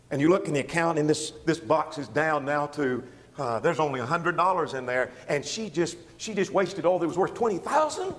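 A man preaching an expository sermon, walking through verses with emphatic, animated delivery. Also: a little high, big-room sound. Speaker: pastor.

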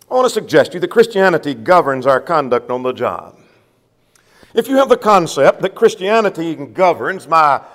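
A man's voice: on the high side, long reverb tail. A man preaching a sermon to a congregation, emphatic, repeating a refrain and putting questions to his listeners.

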